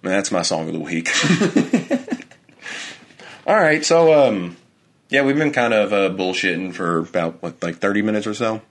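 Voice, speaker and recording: A man's voice: on the low side, a little slow, pauses often. A young man on a podcast telling a story in casual chat, swearing freely and acting out quotes in a raised voice. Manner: animated storytelling, heavy swearing. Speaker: podcast co-host.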